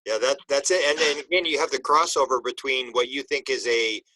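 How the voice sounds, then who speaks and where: A man's voice: medium pitch, fairly quick, pushed and bright, no room sound, low-quality recording. A man hosting a casual group discussion, reflective and thinking aloud. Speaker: host.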